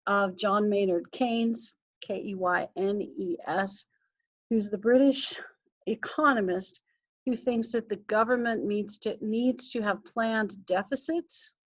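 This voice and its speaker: Woman instructor, casual lecture, talks to herself while hunting files, muffled lo-fi sound. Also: medium pitch. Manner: chatty, self-interrupting, thinking aloud while clicking through files. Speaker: history instructor. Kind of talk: casual recorded class lecture.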